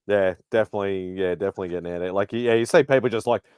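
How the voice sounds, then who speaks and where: A man, a panel guest in a casual chat, laid back and quick to chuckle. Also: low-pitched, darkish tone, smooth, dry recording.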